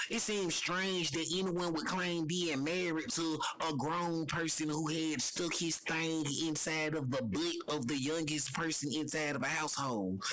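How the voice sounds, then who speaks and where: A man's voice: a little high, a bit bright, rough recording. A young man in an unscripted personal monologue who talks earnestly, repeating himself and circling back to the same phrases, with many "you know"s. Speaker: personal vlogger.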